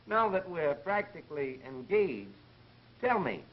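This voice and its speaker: A man's voice: high-pitched, very animated, takes it slowly, full character voice. An actor playing a cheeky male insurance salesman who flirts and wisecracks. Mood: flirty. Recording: 1930s film soundtrack, dull and hissy.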